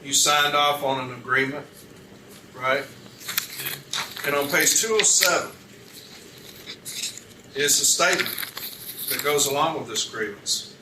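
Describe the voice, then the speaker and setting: Man cross-examining in an echoey, noisy room. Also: medium pitch. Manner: methodical, citing page numbers and reading documents aloud. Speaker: union advocate questioning a witness. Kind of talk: arbitration hearing cross-examination. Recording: roomy, distant mic with background noise.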